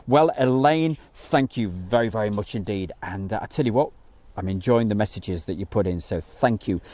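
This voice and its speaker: A man's voice: lowish voice, moderate pace, warm tone. A man from the West Midlands of England chatting on a live airshow stream, rambling with lots of fillers. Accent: West Midlands English. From Wolverhampton, England. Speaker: airshow livestream host. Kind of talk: casual live-stream chat. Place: outdoors at an airfield.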